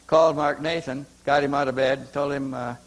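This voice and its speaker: This rough recording captures a man at a conference telling a lengthy personal story at a moderate pace. His mid-range voice keeps a steady tone as he rambles, restarts sentences, and repeats words in this anecdotal storytelling set in a conference hall.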